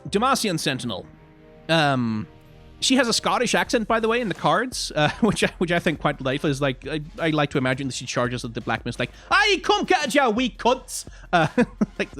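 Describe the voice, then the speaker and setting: A man's voice: medium pitch, sharp tone. A man giving casual live-stream commentary on game card art, rambling with many restarts, frank and self-deprecating.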